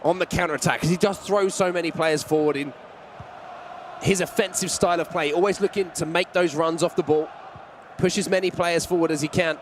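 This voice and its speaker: High-pitched guy calling an esports football match play by play, gets excited on chances, a bit of faint noise behind. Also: fairly quick. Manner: excitable, rising on big chances. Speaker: esports commentator. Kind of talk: play-by-play commentary.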